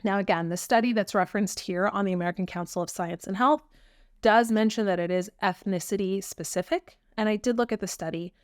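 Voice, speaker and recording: A woman's voice: medium pitch, fairly quick, no room sound. Woman podcaster giving her honest opinions, lots of ums, dry close mic. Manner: earnest, opinionated, with frequent ums. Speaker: podcast host. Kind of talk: casual solo podcast talk.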